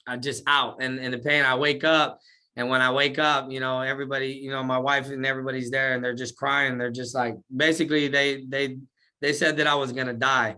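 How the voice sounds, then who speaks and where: Medium in pitch and clean in tone, his voice moves briskly as he recounts his life in an easygoing interview. He talks slang, stays animated, and reenacts what he once said.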